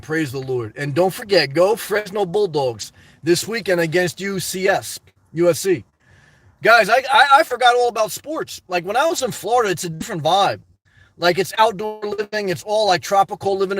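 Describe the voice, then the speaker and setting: Man, high voice, live-stream vlogger, rambling chat, joking, laughs a lot, inside a parked car, dry close sound. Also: a bit bright, dry recording. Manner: joking, laughs often, fillers like "man" and "guys".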